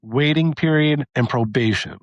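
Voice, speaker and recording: A man's voice: medium pitch, moderate pace, no echo, lo-fi sound. A man co-hosting a podcast, talking through a policy plan step by step in a casual debate. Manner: thinks aloud, lays out a plan step by step. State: losing his voice. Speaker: podcast co-host.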